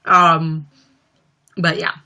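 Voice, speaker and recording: A woman's voice: sits low, little pitch movement, extremely slow, pushed and bright. A young woman chatting casually on a livestream, reading out viewer comments and rambling with lots of fillers. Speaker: livestream host.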